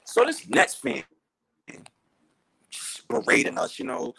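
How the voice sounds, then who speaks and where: Speaking slowly with long pauses, this podcast co-host has a husky, gravelly male voice and an animated, heated, joking manner with jumping pitch. The casual sports show is captured in poor audio without echo.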